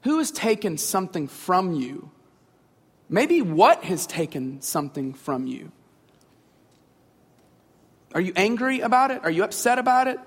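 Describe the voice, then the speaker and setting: Guy preaching, high voice for a man, earnest and chatty, lots of questions, big church echo. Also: sing-song, a little slow, pauses often. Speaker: pastor. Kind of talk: sermon. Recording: long hall reverb.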